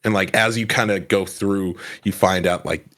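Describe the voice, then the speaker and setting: A man chatting casually as a podcast guest, telling a story with lively energy and acting out lines along the way. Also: low voice, normal speed. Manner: animated storytelling, acts out lines. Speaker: podcast guest, comedy sketch creator.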